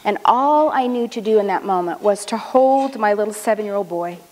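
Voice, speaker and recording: A woman's voice: mid-range voice, lively intonation, darkish tone. Woman speaking earnestly in a reverberant hall. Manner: measured, earnest storytelling. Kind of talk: personal talk at a luncheon. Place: luncheon hall.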